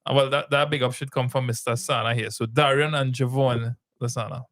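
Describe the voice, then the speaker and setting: A man's voice: medium pitch, steady tone, brisk, fairly bright tone, dry recording. Man, mid voice, polite sign-offs, live-stream chat. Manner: reads out viewer names, polite sign-offs.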